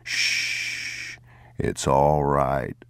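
A man voicing a weary, tender father in a storybook reading, speaking hushed and soothing. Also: a bass voice, extremely slow, vocal fry, no room sound, studio quality, pitched below the performer's own voice, full character voice.

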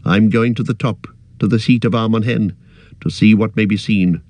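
Casting: man as a stern, noble ranger, low voice, dry close read. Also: fairly even intonation, a little mellow, no echo, natural voice. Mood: grave. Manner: grave, measured and commanding. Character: noble commanding male ranger, grave and stern. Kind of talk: audiobook character voice.

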